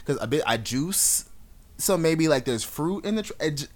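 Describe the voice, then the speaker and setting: A man's voice: a little high, expressive, moderate pace. A man co-hosting a podcast, telling a story dramatically and acting out the quotes in casual chat. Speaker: podcast co-host.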